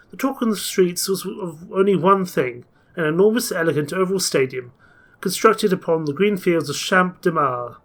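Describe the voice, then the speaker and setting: A man with a voice on the high side and a slightly bright tone plays a story game. He reads its text aloud and chats about his choices, mixing the reading with his plans.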